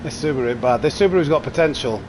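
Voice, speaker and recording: A man with a mid-range, racing voice streams a racing game live, chatting and muttering reactions to his own driving as he commentates. Steady background noise runs under the recording.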